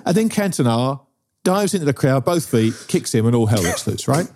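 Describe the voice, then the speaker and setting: A man's voice: mid-range voice, very animated, fairly quick, background noise. A middle-aged man, telling a story in casual chat and often checking in with "right?". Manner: storytelling, keeps asking "right?". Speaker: podcast co-host.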